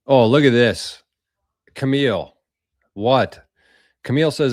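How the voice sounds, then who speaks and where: A man's voice: medium pitch, sing-song, unhurried, pauses often, darkish tone, no echo, clean studio sound. A man hosting a casual live-stream show, rambling loosely and swearing freely as he chats with viewers. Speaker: podcast host.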